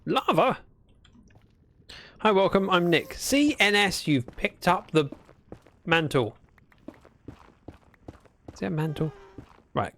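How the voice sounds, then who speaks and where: A man's voice: a little high, creaky, fairly bright tone. Chatty man streaming a game. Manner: chatty, talks to himself and greets chat viewers. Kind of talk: casual gameplay livestream commentary.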